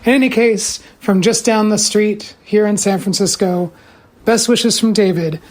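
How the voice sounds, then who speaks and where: A man delivering a recorded message in slow, deliberate, deadpan, mock-pompous sarcasm. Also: high voice. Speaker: former guest sending a recorded message.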